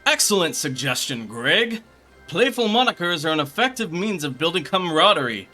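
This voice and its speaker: A man voicing a pompous, grandiose male inspector from a game, loud and theatrical. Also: sing-song, normal speed, soft background music, exaggerated voice. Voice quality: high, booming, theatrical. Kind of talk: reading game dialogue aloud in voices.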